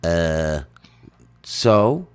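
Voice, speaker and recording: A man co-hosting a podcast, telling crude, rambling stories in a deadpan way. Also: low-pitched, extremely slow, clear, resonant tone. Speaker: podcast co-host. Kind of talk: crude comedic banter.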